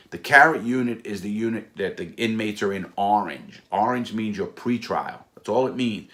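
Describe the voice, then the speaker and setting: Low-voiced man telling a gritty story. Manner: emphatic, restarts and repeats himself. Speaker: storyteller recounting his prison case. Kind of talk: casual storytelling monologue.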